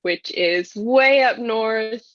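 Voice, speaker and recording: A woman from the Upper Midwest with a Yooper accent, a veteran guest talking casually in a podcast interview, friendly and quick to laugh. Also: on the high side, fairly bright tone, no room sound, highs cut off. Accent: Upper Midwest American (Yooper). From Upper Michigan and Wisconsin, USA.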